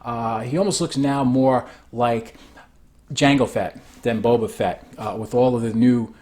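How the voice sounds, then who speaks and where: A man's voice: medium pitch, a little slow, a little mellow. A man giving a casual spoken recap of a show, rambling and often restarting his sentences.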